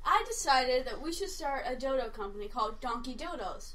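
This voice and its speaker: A woman on a podcast in casual group chat, telling excitable, giggly anecdotes. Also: high voice, brisk.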